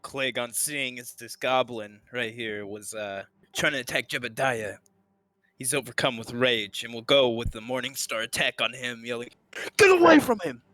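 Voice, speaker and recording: A man of middle pitch plays a tabletop game and calmly declares what his character does. His voice sits in a dry, close space. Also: moderate pace, no room sound. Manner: calm, declares actions in character. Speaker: player.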